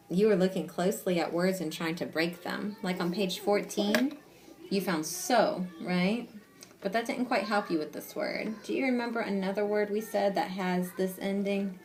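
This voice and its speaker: A woman reading teacher giving a one-on-one reading lesson to a child, patient and encouraging, sounding out words slowly and asking guiding questions. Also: mid-range voice.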